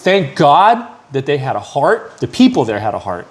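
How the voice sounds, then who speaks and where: A man talking casually on a podcast, his voice sitting a little high for a man. He tells his story with heavy profanity and acts out the other people in it. His pitch jumps widely between quiet, low asides and loud, high peaks. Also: moderate pace. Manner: profane, animated storytelling with acted quotes. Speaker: podcast host. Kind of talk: casual chat.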